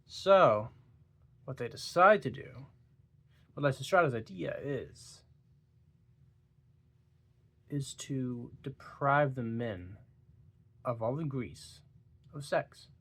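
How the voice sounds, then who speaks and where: Sleepy young guy chatting about a book, rambly and giggly, mid pitch. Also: animated, slow pace, long pauses, fairly bright tone, husky. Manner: rambling, giggly, with stumbles and laughs. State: tired, yawning. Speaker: book reviewer. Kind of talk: casual book talk vlog.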